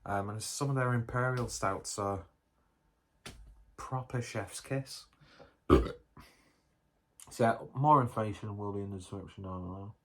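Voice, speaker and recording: Low-voiced man rambling in a beer vlog. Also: measured pace, long pauses, a bit bright. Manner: rambling, jokey, self-mocking. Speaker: beer reviewer. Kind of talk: casual review vlog.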